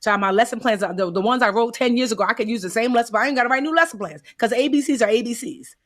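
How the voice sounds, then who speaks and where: Animated storytelling woman from the US. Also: fairly high pitch, racing. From United States. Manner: animated, acts out quoted voices, folksy asides. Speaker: guest. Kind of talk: casual conversational storytelling.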